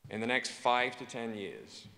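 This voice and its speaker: A man with an English accent speaking to a conference audience, joking and persuasive, repeating his pitch for emphasis. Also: lively intonation, unhurried, gravelly, pushed and bright. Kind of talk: keynote speech to a conference audience. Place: large conference hall. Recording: long hall reverb.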